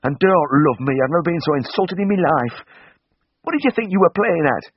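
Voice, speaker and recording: A man reading aloud, voicing a tough, sharp-tongued young woman, in a slightly dull recording. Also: on the high side, lively intonation, a little fast, no echo, voice pushed up. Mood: furious. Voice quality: rasping.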